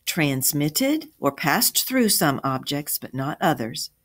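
A man's voice: a little high, very animated, slow pace, a bit bright, exaggerated voice. A woman reading the part of a patient, teasing grandfather who eagerly explains science to his grandchildren. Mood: explaining. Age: older.

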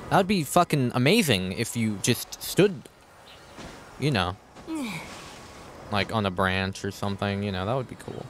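A young man streaming a game live, muttering to himself and cursing loudly at enemies. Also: lowish voice, lively intonation, moderate pace, long pauses, slight background noise. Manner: swears a lot, yells at enemies. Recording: game music behind voice.

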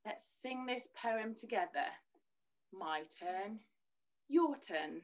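A woman leading a gentle children's worship lesson, teaching in a soothing sing-song voice and singing simple lines for children to repeat. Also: medium pitch, expressive, takes it slowly, pauses often. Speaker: children's church leader. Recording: dull lo-fi recording.

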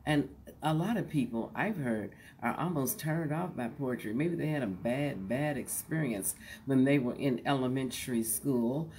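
A woman hosting a show and teaching how to recite poetry, speaking slowly in a relaxed, folksy way and sometimes dropping to a soft whisper. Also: very deep voice, slight background noise. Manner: folksy and joking. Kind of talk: relaxed instructional talk to an online audience.

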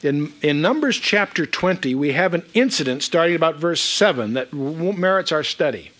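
Male Bible teacher, somewhat high voice, very lively delivery, emphatic scripture reading. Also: moderate pace. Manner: animated, emphatic, reads scripture aloud with asides.

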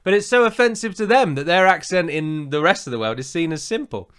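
A man's voice: on the high side, expressive, fairly quick, fairly bright tone, smooth. A man with a southern English accent, chatting casually as co-host and giving opinionated reviews with frequent fillers. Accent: southern English standard. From England. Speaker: podcast co-host.

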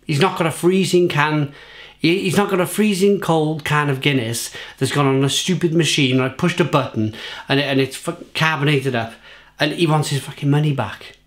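A man's voice: fairly high pitch, moderate pace, fairly bright tone. A man with a British accent, a beer reviewer and pub manager, swearing and rambling through an angry rant to camera. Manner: sweary, rambling, repeats himself.

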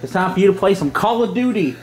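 A man's voice: sits high, expressive, fast talker. A man patiently walking his father through a video game in casual chat. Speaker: son filming his father.

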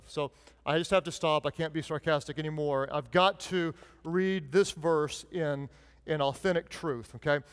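A male pastor delivers an emphatic sermon in a fairly high voice. His words ring out with a long reverb, as in a large church hall. He preaches with punchy, animated emphasis, sometimes in mock sarcasm and sometimes in earnest.

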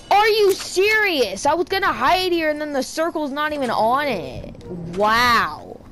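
A woman's voice: sits high, measured pace, faint music behind. A woman streaming a shooter game in casual commentary, yelping and exclaiming as she plays at home. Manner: excitable, yelps and exclaims mid-game. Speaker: gamer streamer. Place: home room.

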